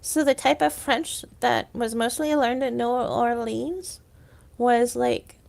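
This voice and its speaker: A woman's voice: a little high, takes it slowly, vocal fry, darkish tone. A woman livestreamer chatting casually with viewers, rambling and sometimes trailing off into whispers.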